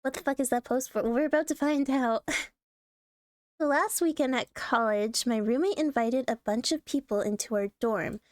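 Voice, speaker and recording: Blunt, throat-clearing woman streamer, high voice. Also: normal speed, no echo, studio quality. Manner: frequent throat clearing, blunt and profane, laughing often. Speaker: streamer reacting to online posts. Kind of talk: casual live-stream commentary.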